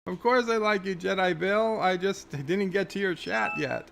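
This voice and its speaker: Gravelly man hosting a casual livestream. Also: high voice, normal speed, fairly bright tone. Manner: reads viewer chat aloud, chatty with frequent restarts. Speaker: livestream host.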